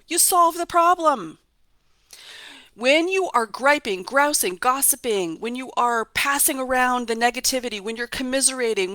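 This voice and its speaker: A woman's voice: on the high side, fairly bright tone, dry recording. A woman hosting a motivational talk, coaching her listeners in an emphatic, repetitive way. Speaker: host.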